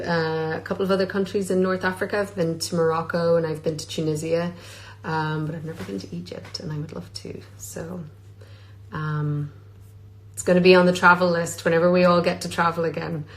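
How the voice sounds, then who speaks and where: Relaxed woman doing a live Q&A. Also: fairly low pitch, normal speed, low-quality recording. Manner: reads questions aloud, many filler ums. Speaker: actress answering fan questions. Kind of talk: casual livestream Q&A. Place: in Scotland. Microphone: phone on a social media live stream.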